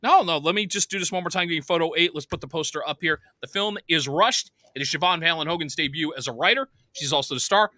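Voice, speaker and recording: A man's voice: a little high, quick pace, few pauses, pushed and bright, dry recording. A man hosting a podcast interview who talks eagerly and praises his guest. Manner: eager, enthusiastic, promotional. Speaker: podcast host. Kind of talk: interview conversation.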